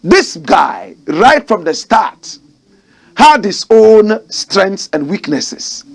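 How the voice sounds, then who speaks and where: A man's voice: high-pitched, big pitch swings, very slow, creaky. A Ghanaian man giving fiery political commentary, mocking and firing rhetorical questions.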